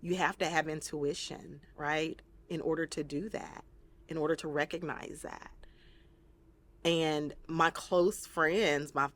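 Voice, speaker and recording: A low-pitched, slightly bright woman's voice belongs to a trauma-focused therapist on an interview as a guest. Her tone is earnest and reflective, and she sometimes voices the people she quotes.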